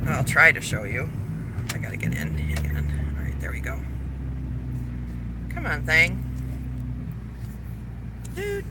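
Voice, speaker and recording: A woman's voice: a bass voice, slow, pauses often. Chatty woman livestreaming from her car. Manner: chatty, animated storytelling. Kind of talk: casual chat while driving. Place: inside a car on a freeway. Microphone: phone camera held in hand. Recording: loud road and car noise.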